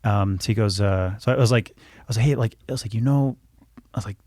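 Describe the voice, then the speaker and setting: A man's voice: on the low side, steady tone, fast talker, a little mellow, no echo, studio quality. A man in his thirties, a podcast guest telling a casual story with lots of restarts and self-corrections. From United States.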